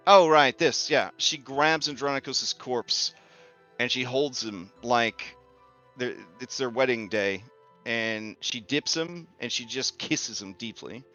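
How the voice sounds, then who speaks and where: A man narrating a tabletop game as its game master, easygoing and profane. His voice is bright and clean. The recording is a little dull, with soft music underneath. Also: medium pitch. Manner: casual, swears freely, quick asides.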